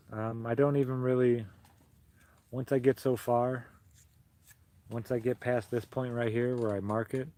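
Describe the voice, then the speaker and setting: Soft-spoken sentimental man. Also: medium pitch. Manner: soft-spoken, sentimental, greets viewers fondly. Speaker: livestream host. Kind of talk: casual chat while crocheting.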